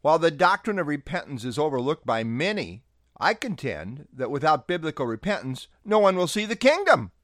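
A male pastor delivers a devotional sermon with earnest conviction, leaning hard on key words. His pitch sits a little high for a man and swings widely as he preaches. The sound is dry and close, with no room echo. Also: very animated, a little fast, a bit bright. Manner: earnest preaching with emphatic stresses.

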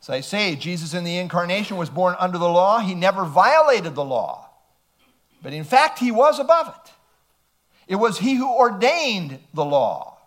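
Man, preacher, sermon, emphatic, rhetorical questions, high voice, swooping delivery. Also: very animated, moderate pace.

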